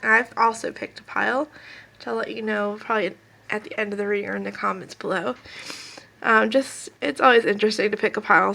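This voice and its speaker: Woman tarot reader, slightly high voice, stuffy nose, rambling and chatty with viewers. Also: creaky, fairly bright tone, rough recording. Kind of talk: casual pick-a-card tarot reading. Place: at home with kids and a puppy nearby.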